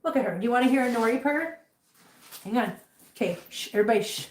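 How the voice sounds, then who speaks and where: A high-leaning, animated female voice goes fast, with heavy background noise. The livestream host chats casually and emotionally from her home kitchen, cooing baby talk at her cats in between talking to viewers, and the roomy echo makes her sound far away.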